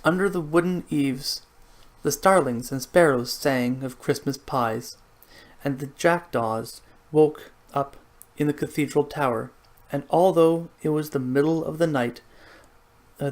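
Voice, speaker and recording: Slow, measured storybook narrator; gentle reading for children. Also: mid-range voice.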